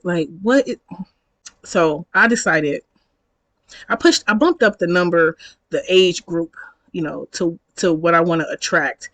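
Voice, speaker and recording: A woman's voice: mid-range voice, no room sound, low-quality recording. Thirties woman, casual storytime vlogger, slangy and chatty, dry close-up sound. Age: 30s. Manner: chatty, slangy, reenacts dialogue, laughs often.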